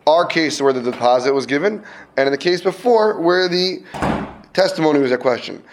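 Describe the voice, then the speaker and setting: A man with a fairly high speaking voice leads a casual Talmud class. He talks in a lively way, tosses questions to the room and acts out short scenes to make his point. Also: fairly quick, noisy background.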